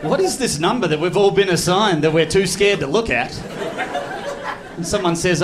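An Australian man performing a stand-up comedy set on a club stage, animated and slipping into loud put-on voices. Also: high-pitched, moderate pace. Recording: live club recording with crowd noise. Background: audience laughter.

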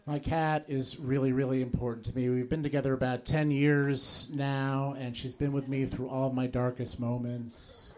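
A man performing a stand-up comedy set on stage, telling conversational stories that build to quick punchlines. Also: mid-range voice, little pitch movement, darkish tone. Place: comedy stage before a live audience. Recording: live set with audience laughter. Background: crowd laughing.

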